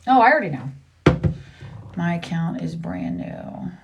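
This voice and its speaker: A woman's voice: fairly low pitch, big pitch swings, measured pace, far from the mic, lo-fi sound, background noise. A middle-aged woman livestreaming, chatting casually in a blunt, rambling way and repeating herself.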